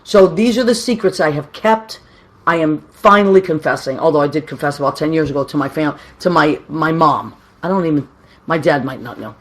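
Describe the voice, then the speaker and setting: A woman tells a family story. She talks in a chatty, animated, self-mocking way and keeps adding asides. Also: low voice, brisk. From Boston, USA. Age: 50s. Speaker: granddaughter telling a tribute story. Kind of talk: casual storytelling.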